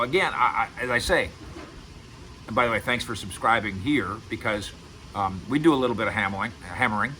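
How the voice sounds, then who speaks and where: A man's voice: mid-range voice, pushed and bright, a little hiss or hum, low-quality recording. A middle-aged man giving casual sports commentary to camera as host, emphatic and repeating words for stress. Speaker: sports radio and video host.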